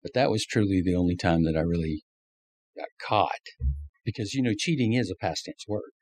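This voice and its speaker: A man's voice: low-pitched, brisk. A man, a former race crew chief, telling stories in an interview, acting out quotes and laughing often. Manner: animated storyteller, acts out quotes, laughs often. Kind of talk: storytelling interview.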